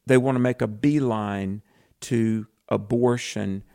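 A man's voice: lowish voice, steady tone, takes it slowly, vocal fry, warm tone. A man with a Southern US accent, co-hosting a Christian radio talk show in an earnest, preacherly way. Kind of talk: casual radio chat.

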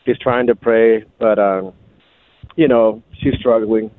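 A male caller speaks hesitantly over a narrow, tinny phone line, with frequent "um"s and throat clearing. The sound is dry. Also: on the low side, fairly even intonation, slow, dry recording.

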